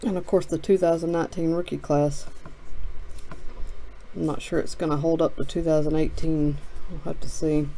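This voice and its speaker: A woman's voice: low-pitched, level tone, moderate pace, pauses often, warm tone, a little hiss or hum, poor audio. Woman muttering through a cough drop. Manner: muttering, reading names aloud. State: sick, sucking a cough drop. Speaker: card break host. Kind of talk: casual box-break commentary.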